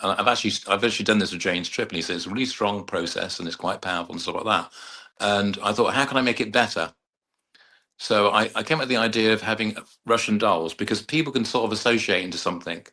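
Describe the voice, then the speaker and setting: A middle-aged man talks in a lowish but forceful, bright voice. He rambles through stories about his clients, slipping into their voices as he goes. It sounds like a relaxed interview chat. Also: quick pace. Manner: rambling storyteller who acts out client dialogue. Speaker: hypnotherapist and mind coach, guest. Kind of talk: casual anecdotal interview talk.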